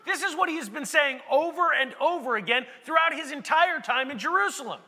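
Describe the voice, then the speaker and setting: A male pastor preaches in a chatty, conversational way that swells into emphatic shouts. His voice is very high and sharply bright. It is recorded in a large hall with a long, ringing reverb. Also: animated, brisk, hardly any pauses. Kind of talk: sermon.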